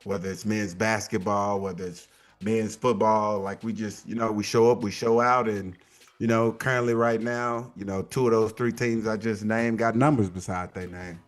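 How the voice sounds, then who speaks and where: A man's voice: fairly low pitch, normal speed. A middle-aged man, a guest on a talk show, chatting casually and acting out quotes as he tells a story. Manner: animated storyteller, acts out quotes. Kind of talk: casual chat.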